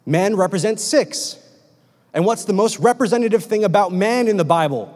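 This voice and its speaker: A man's voice: high voice, expressive, moderate pace, a little mellow. A young man preaching a sermon in a church hall, casual and joking, with slang.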